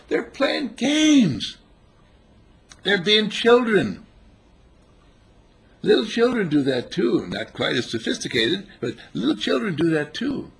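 A man giving an informal sermon on a spiritual path, telling stories with animated chuckles. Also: mid-range voice, breathy edge. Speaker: spiritual teacher.

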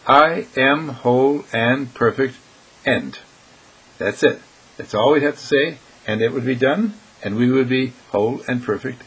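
A man's voice: mid-range voice, low-quality recording. A man giving a short inspirational talk as dean of a healing school, repeating his points with emphasis and acting out his listeners' questions. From United States. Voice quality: gravelly, husky.

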